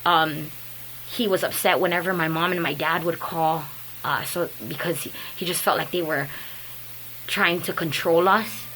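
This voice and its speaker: A young woman telling her personal story in a casual, earnest and halting way, with many fillers and restarts. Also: sits low, fairly even intonation, a bit bright, slight background noise, rough recording. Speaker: speaker sharing a personal story.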